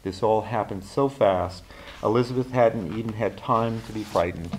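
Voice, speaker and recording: A man, an author and teacher, reading literary fiction aloud in a measured, even way, now and then restarting a phrase. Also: fairly low pitch, a little hiss or hum. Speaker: author and faculty member.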